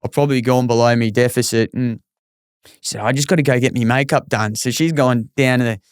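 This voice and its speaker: Australian male jockey guest, chatty yarn-spinner, smooth tone, mid pitch. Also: brisk, no room sound, clean studio sound. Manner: animated, spins a story with lots of restarts. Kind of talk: casual storytelling chat.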